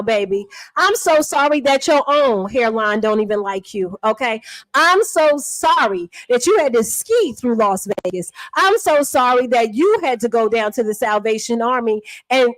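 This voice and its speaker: A woman delivering a sassy, mocking roast, taunting with repeated refrains and drawn-out emphasis. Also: fairly high pitch, dry recording. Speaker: online commentator.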